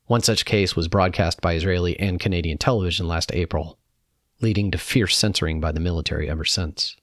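Man, very low voice, calm measured reading, personal reflection, dry close recording. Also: no echo. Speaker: narrator.

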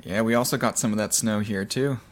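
A man's voice: on the low side, steady tone, a little fast. A man co-hosting a casual tech chat in a coffee shop. He talks in an easygoing way and laughs often. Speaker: co-host.

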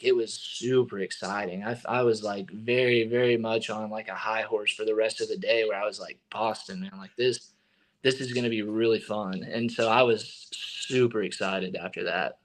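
A young man in his twenties, a baseball pitcher telling his story as a guest in a casual, rambling way, full of fillers. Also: fairly even intonation, moderate pace, hardly any pauses, poor audio.

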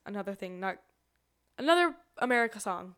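A woman in her twenties, co-hosting a podcast, telling stories in casual chat with an excitable, animated manner. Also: mid-range voice, a little fast. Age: 20s. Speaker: podcast co-host.

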